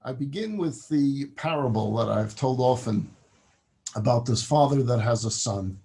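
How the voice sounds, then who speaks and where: A man's voice: mid-range voice, normal speed, gravelly. A man, a rabbi, telling a parable in a class and acting out its characters. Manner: animated, acts out the parable's characters. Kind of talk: storytelling lecture.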